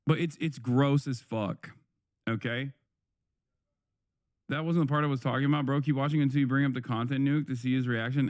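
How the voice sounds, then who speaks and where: Man, live-stream reaction, angry profane rant, mid-pitched voice, dry close sound. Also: fairly even intonation, fairly quick, pauses often, no room sound. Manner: repeats words and restarts. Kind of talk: heated live-stream commentary.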